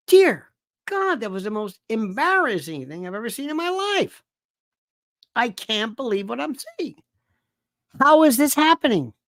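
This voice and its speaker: A man hosting a political commentary show, delivering an animated monologue full of rhetorical questions and exasperated repetition. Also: very high-pitched, no echo, clean studio sound. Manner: exasperated, fires off rhetorical questions, repeats himself.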